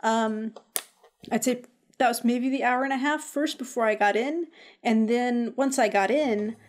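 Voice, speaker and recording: A woman co-hosting a gaming podcast, chatting casually and retelling things in a quick, animated way. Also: medium pitch. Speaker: podcast co-host. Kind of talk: casual chat.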